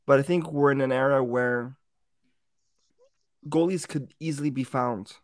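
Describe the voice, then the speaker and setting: A man co-hosting a sports podcast in casual chat. He is animated, swears now and then, and rephrases himself mid-thought. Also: mid-range voice, unhurried, no echo. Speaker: podcast co-host.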